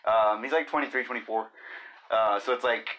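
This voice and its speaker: A man's voice: on the low side, fairly quick, pushed and bright. A man in his thirties hosting a casual solo podcast, rambling and joking, often slipping into silly voices and bits of singing. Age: 30s. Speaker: podcast host.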